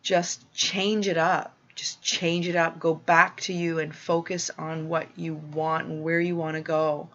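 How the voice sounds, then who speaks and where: A woman gives a spiritual talk at a very slow, unhurried pace, her voice sitting a little low. She sounds soothing and affirming throughout. The recording is dull and slightly lo-fi. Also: little pitch movement, a bit bright. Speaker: spiritual teacher.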